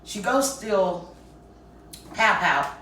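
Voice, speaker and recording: A woman from Texas telling a candid story about her own life, frankly and with lively quoted voices. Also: mid-range voice, extremely slow, slight background noise. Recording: very echoey room, mic far off.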